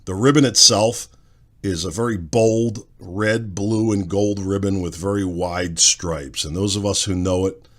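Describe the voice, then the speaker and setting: A man with a fairly low voice hosts a talk podcast. He delivers a blunt, sarcastic opinion monologue. He keeps firing off rhetorical questions. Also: steady tone, a little slow, fairly bright tone. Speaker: podcast talk show host.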